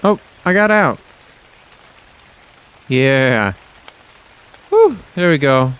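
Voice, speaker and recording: Excitable man narrating his gameplay. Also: extremely slow, smooth. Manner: excitable, yelps high when surprised, self-mocking. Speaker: gaming YouTuber. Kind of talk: casual let's-play commentary.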